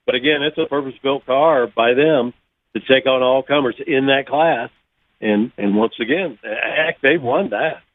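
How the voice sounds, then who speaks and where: Brief: guest, middling pitch, rambly, thin phone-line sound. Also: male voice, moderate pace, dry recording. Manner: rambling, backs up and restarts thoughts. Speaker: guest, former racing driver. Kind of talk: casual chat on a call.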